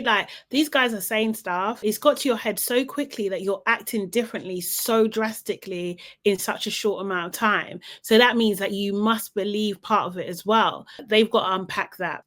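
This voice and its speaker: A woman's voice: medium pitch, moderate pace, few pauses. Chatty young woman recapping reality TV. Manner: chatty, animated, full of "like" and "you know". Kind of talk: casual gossipy recap.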